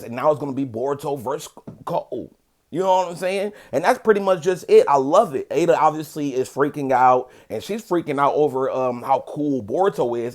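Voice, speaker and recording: Chill guy talking through an anime ep, lots of "you know", fixes his own words as he goes, mid-pitch voice. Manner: relaxed and conversational, heavy on filler phrases; corrects himself mid-sentence. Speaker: anime reviewer. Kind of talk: casual spoken episode review.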